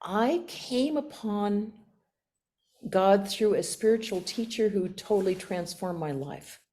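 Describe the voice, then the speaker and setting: A woman in her sixties from the United States, a nun giving a talk and telling stories from her life in an animated, self-mocking way. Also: medium pitch, slow. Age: 60s. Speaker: guest speaker, nun. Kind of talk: storytelling talk with questions.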